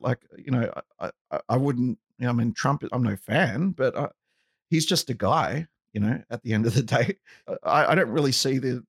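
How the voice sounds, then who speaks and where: A man's voice: medium pitch, creaky, no echo, studio quality. A man hosting a casual podcast conversation, rambling and often checking in with "right?". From outside the US. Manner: rambling, with frequent "right?" asides.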